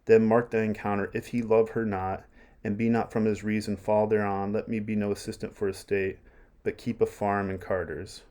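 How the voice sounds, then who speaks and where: A man's voice: on the low side, level tone, moderate pace, darkish tone, close to an everyday voice. A man reading a fussy old courtier. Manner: reads the lines aloud plainly.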